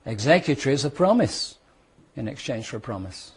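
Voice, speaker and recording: Husky British man giving a law lecture. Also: medium pitch, big pitch swings. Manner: explains with worked examples, repeats points, speeds up and slows down for emphasis. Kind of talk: classroom lecture. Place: classroom with students.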